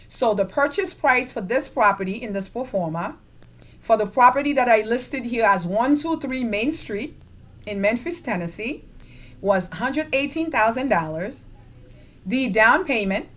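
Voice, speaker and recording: A woman teaching a real estate investing lesson in a lively way, stressing key words and checking in with her viewers. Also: a little high. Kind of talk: screen-share investing lesson.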